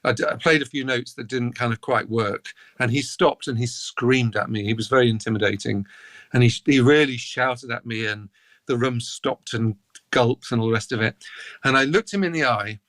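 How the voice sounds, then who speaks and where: English man telling animated stories. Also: medium pitch, normal speed, no echo. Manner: animated anecdotes, breaks into laughter. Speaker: guest cellist. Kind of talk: storytelling in a podcast interview.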